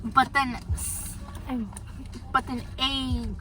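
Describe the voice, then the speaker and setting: A woman's voice: sits high, level tone, drawn-out words, sharp tone. A teenage girl vlogging, telling gossipy stories about her crushes in casual chat. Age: teens. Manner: chatty, gossipy storytelling.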